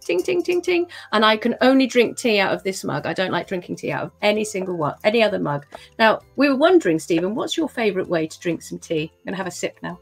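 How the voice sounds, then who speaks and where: A woman hosting a lively radio chat show, enthusiastic and animated. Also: mid-range voice, fast talker, vocal fry, faint music behind.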